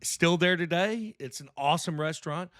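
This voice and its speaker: A middle-aged man with a Southern accent telling an animated story in a casual panel chat, laughing often. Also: fairly high pitch, normal speed, dry recording, studio quality. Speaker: podcast co-host.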